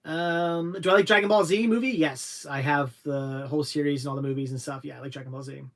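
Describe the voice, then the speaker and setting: A young adult man hosting a casual livestream, reading viewer questions aloud and answering in a halting, rambling way. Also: on the high side, fairly bright tone. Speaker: livestream host answering chat.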